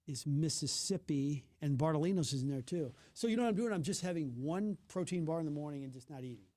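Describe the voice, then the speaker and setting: A man's voice: a little high, expressive, quick pace, warm tone, no room sound. A man co-hosting a radio talk show, chatting casually in a playful, teasing way. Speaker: radio co-host. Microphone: studio microphone.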